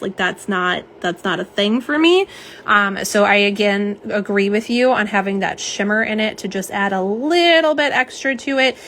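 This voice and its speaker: A woman's voice: on the high side, fairly bright tone, slight background noise. Chatty woman hosting a live stream. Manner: chatty, reads viewer comments aloud. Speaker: livestream host. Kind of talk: live unboxing and swatch stream.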